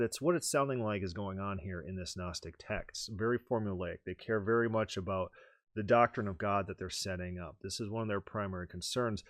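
A man with a fairly low voice hosts a teaching podcast, laying out ideas step by step in an explanatory manner. The sound is dry and close, with no room around him. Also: no room sound. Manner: explanatory, reads quoted texts aloud with rising emphasis. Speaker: podcast host. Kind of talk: teaching podcast talk with read-aloud quotations.

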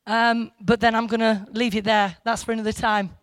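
A man's voice: high-pitched, level tone, a little fast, a bit bright, clean tone, no echo, studio quality. A man giving an informal Bible teaching, reflective and a little hesitant. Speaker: church teacher.

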